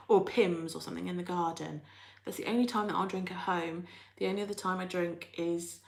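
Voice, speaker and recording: A woman hosting a live chat, reading out viewer comments in a rambling, chatty way and laughing often. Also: on the low side. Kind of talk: casual chat. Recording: roomy echo.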